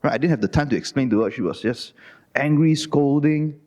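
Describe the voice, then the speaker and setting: A middle-aged Malaysian man with a Malaysian English accent, giving a Dhamma talk as an animated, self-mocking storyteller. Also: medium pitch, fairly quick, in a large hall. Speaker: Dhamma speaker. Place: Buddhist society hall.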